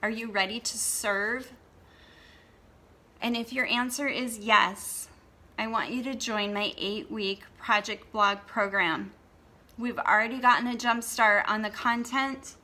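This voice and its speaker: Slow, bright-voiced motivational woman. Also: fairly high pitch. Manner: earnest, repeats "okay?" for emphasis. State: tearful, emotional. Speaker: blogging course host. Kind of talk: motivational talk to camera.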